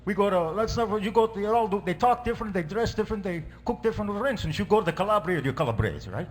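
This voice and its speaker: In a comedy sketch, a man puts on an Italian accent and broken English to play a jolly middle-aged priest cracking jokes. His high voice is animated and fast, with a little hiss or hum in the recording.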